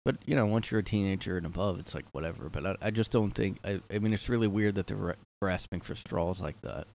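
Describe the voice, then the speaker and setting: A man's voice: low voice, quick pace, gravelly, darkish tone, slight background noise. A man hosting a casual solo podcast from his room, rambling with lots of fillers and a sardonic edge. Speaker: podcast host.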